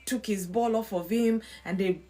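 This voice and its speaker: A woman hosting a live-stream talk on emotional health, speaking in an expressive, preacher-like way with lively emphasis. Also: medium pitch, moderate pace. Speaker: host.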